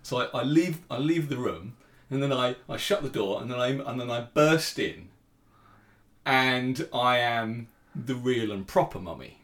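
A man's voice: medium pitch, animated, unhurried, fairly bright tone, echoey room. A father telling a funny anecdote casually, with stammered repeats and frequent laughter. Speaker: father, podcast guest.

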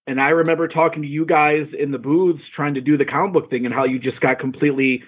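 A man's voice: fairly high pitch, fairly even intonation, fast, breathy edge. A man co-hosting a podcast in casual chat, laid-back and swearing freely. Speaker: podcast co-host. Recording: tinny phone-like line.

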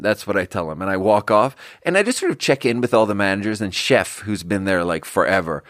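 A man's voice: on the low side, lively intonation, moderate pace, fairly bright tone, no room sound, studio quality. Rambling, profane man telling a story. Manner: rambling, profane, self-amused. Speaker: podcast host. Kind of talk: casual storytelling.

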